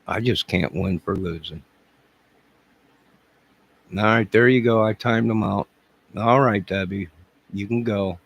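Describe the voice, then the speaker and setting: A man's voice: lowish voice, measured pace, creaky, pauses often, low-quality recording. A man hosting a YouTube live stream, answering viewer comments in a rambling, crude and mocking way. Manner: combative, crude, mocking and sarcastic.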